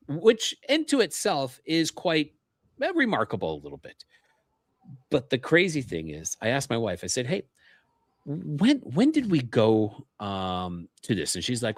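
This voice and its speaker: A man from Canada speaks as a podcast guest, telling a long personal story in an earnest, casual way and voicing the people in it as he goes. His pitch sits in an ordinary middle range for a man. The sound is dry and close, with almost no room echo. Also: wildly swooping pitch, a little slow, a bit bright. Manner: earnest storyteller who acts out remembered dialogue.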